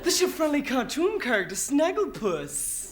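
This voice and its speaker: A man's voice: very high voice, wildly swooping pitch, normal speed, pitched above the performer's own voice, heavily acted. A young man impersonating a flamboyant, theatrical cartoon lion who declaims in a hammy, showy way. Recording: loud live studio audience noise.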